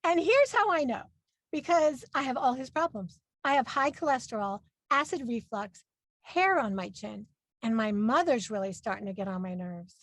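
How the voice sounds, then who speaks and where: Animated high-voiced woman comic. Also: moderate pace, no room sound, studio quality. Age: 40s. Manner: brash, punchy delivery with exaggerated voices for parents. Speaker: stand-up comedian. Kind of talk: stand-up comedy set.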